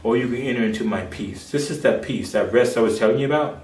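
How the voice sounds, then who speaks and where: A man preaching a sermon from his home office, impassioned and swinging between loud and hushed delivery. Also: mid-range voice, quick pace, echoey room, far from the mic.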